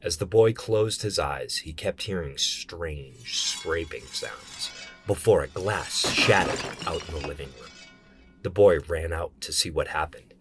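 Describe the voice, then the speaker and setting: A man reading a horror story aloud in a steady storytelling manner. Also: deep voice, unhurried, background noise. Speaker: narrator.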